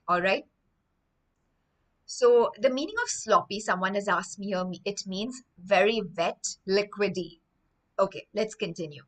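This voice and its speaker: A woman's voice: medium pitch, measured pace, low-quality recording. A woman teaching English vocabulary in an online lesson, reading a story and explaining words with lists of synonyms, often checking "right?".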